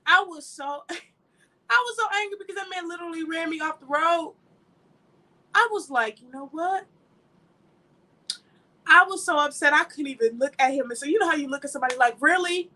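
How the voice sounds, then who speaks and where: A woman's voice: high voice, moderate pace, pauses often, sharp tone, low-quality recording. A woman giving an informal sermon, emphatic and conversational, telling personal stories and laughing along the way. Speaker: ministry speaker.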